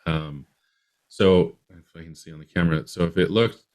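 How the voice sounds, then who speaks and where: A man's voice: low-pitched, steady tone, moderate pace, darkish tone. A man from Utah, a podcast guest, telling a long story in a rambling way with many restarts.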